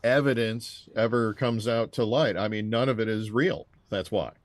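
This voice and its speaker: A man's voice: lowish voice, normal speed, dry recording. Man, fifties, podcast co-host, wry, blunt, dry close sound. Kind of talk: casual political chat.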